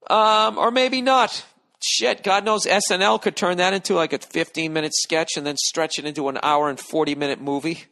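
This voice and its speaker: Man, 40s, podcast host, profane, sardonic, ranting, slightly high voice. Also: steady tone, fairly quick, gravelly, hardly any pauses, pushed and bright. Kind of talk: rambling solo podcast monologue. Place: lying down at home.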